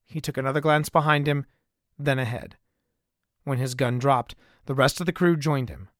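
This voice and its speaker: A man narrating his own adventure story in an even, measured way, recorded close to a studio mic. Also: mid-range voice, no echo. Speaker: author and narrator. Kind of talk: scripted audiobook narration.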